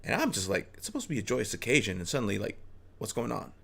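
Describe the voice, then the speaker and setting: A man's voice: on the low side, big pitch swings, fast talker, vocal fry, a bit bright, slightly rough. A man casually telling a personal story, rambling with restarts and chuckles.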